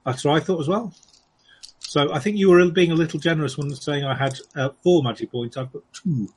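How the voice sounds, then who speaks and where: Husky, mild man. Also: fairly high pitch, fairly quick. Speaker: player. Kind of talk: tabletop game chat.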